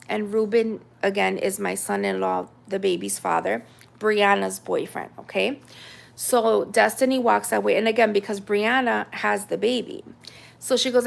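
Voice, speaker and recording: Woman, 30s, American, casual storyteller; raspy fry throughout, chatty and animated. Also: mid-range voice, moderate pace. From United States. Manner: chatty, animated retelling with many fillers.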